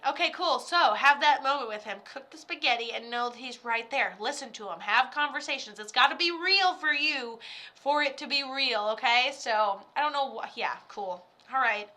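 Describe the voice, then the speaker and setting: A woman's voice: high voice, moderate pace, sharp tone. A woman psychic medium giving a live reading in a rambling, chatty way, often breaking into laughter.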